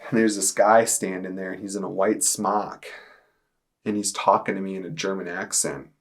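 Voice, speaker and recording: A man in his twenties giving a personal testimony to camera, in a casual, halting way with many fillers. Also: low-pitched, steady tone. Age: 20s. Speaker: testimony speaker. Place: indoors, speaking to a camera.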